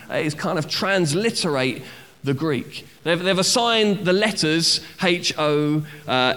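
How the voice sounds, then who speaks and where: A man preaching a Bible-study sermon, his voice bright and somewhat high for a man. He talks slowly and deliberately, and acts out cries as he teaches. The sound carries a long reverb from a large church room. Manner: teaching, with acted-out cries and repeated phrases. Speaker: pastor.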